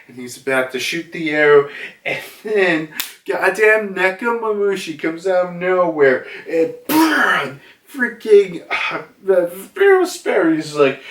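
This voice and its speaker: A man's voice: on the high side, animated, a little slow, fairly bright tone. A young man recapping a comic chapter in a casual, rambling way, full of fillers and acted-out character lines, recorded in a room at home. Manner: rambling, filler-heavy, acts out dialogue. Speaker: manga reviewer. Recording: roomy, from a distance.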